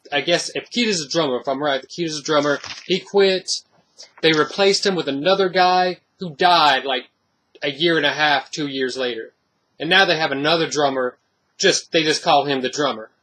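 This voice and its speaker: A man's voice: fairly high pitch, fairly bright tone. A man giving a casual spoken movie review, rambling and blunt.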